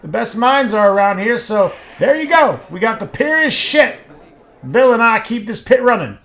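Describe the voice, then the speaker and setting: A man voicing a loud, soot-covered male foundry worker who shouts every line. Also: extremely high pitch, lively intonation, normal speed, voice pushed up, exaggerated voice. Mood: shouting. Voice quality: shouting over noise.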